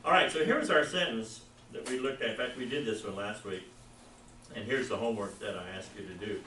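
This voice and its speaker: A man's voice: on the low side, a little fast, bright, forceful tone, far from the mic, a little hiss or hum. A man teaching a Greek class and having the students repeat words after him in an encouraging way. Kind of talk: classroom lesson, drilling pronunciation. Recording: roomy classroom, recorded from afar.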